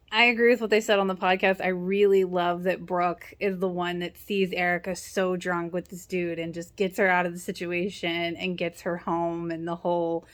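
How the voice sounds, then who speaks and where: A woman's voice: on the low side, little pitch movement, normal speed. A young woman casually recapping a TV episode, sarcastic and chatty, acting out the characters' lines as she goes. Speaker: TV show reaction vlogger.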